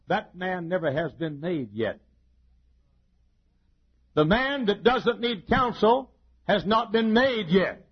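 A man's voice: sits high, sing-song, slow, pauses often, breathy edge. Chuckling folksy male preacher. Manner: folksy and joking, with lots of chuckles and restarts; swings widely between loud and soft. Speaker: pastor. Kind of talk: sermon. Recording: dull lo-fi sermon recording.

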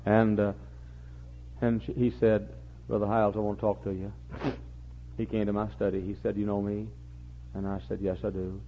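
Fiery older pastor, husky voice. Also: male voice, fairly low pitch, flat delivery, moderate pace, pauses often. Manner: repetitive, rises to impassioned near-shouting peaks. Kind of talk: sermon. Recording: muffled lo-fi recording.

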